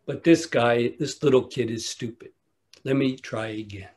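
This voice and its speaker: A man giving a dharma talk at a retreat, telling a teaching story in a measured way with long pauses. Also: mid-range voice, darkish tone. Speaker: meditation teacher.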